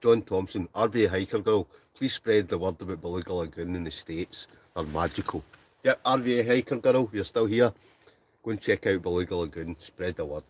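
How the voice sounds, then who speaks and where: Broadcasting from inside his tent, a Scottish livestream host chats casually, reading viewer comments aloud and laughing often. His voice is low and deep, and he talks in a brisk, relaxed, chatty way.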